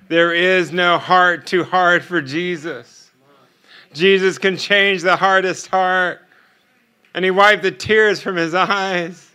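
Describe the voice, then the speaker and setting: Guest preacher, male, middle-aged: high, very bright voice, animated storyteller. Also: takes it slowly, long pauses, smooth. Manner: animated storytelling with laughter and quoted dialogue. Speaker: guest speaker. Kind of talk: sermon storytelling.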